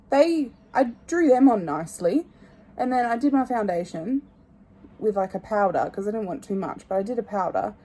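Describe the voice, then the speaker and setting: Young woman, phone vlog, candid rambling chat, drifts soft at line ends. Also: medium pitch. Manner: rambling and candid, trailing off quietly. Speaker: vlogger. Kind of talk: casual chat to camera. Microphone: phone held at arm's length.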